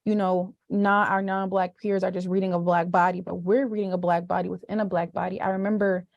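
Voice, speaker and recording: A young woman and student teacher talking as a podcast guest in an animated, expressive way, with many "like"s. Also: on the low side, brisk, vocal fry, muffled recording. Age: young adult. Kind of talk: casual podcast conversation.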